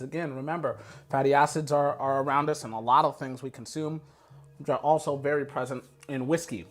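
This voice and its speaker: A man hosting a casual food and whisky pairing talk in an upbeat, chatty way, often saying "you know" and repeating himself. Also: fairly high pitch. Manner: rambling with repeats. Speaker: host. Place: home kitchen.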